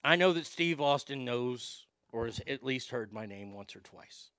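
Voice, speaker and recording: A man hosting his own podcast, reading listener mail in a profane, excitable, rambling way. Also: mid-range voice, normal speed, no echo, studio quality. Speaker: podcast host.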